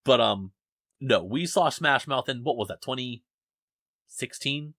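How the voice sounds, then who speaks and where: A man's voice: medium pitch, animated, measured pace, a bit bright, no echo, studio quality. A young man hosting a casual podcast from his basement, rambling and self-deprecating as he talks. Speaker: podcast host. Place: home basement.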